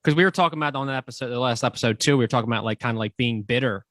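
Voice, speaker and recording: A man's voice: mid-range voice, racing, a bit bright, no room sound, studio quality. A man co-hosting a casual interview, talking in a loose, rambling way full of fillers. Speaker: comedian co-host.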